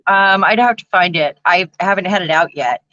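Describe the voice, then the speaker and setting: A woman's voice: fairly low pitch, normal speed, pushed and bright, dry recording, highs cut off. A woman co-hosting a casual crafting livestream, playful and giggly as she chats and reads comments. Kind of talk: casual chat while crafting.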